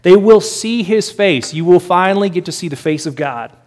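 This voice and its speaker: Earnest preaching man, slightly high voice. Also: lively intonation, normal speed, a little mellow. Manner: earnest, builds with repeated phrases, occasional laughs. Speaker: pastor. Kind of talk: sermon.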